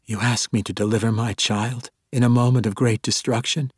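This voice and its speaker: A man's voice: medium pitch, fairly even intonation, moderate pace, husky, no room sound, clean studio sound, voice pushed up, lightly acted. A man voicing a stubborn young woman in labor in an audiobook, speaking bluntly and insistently.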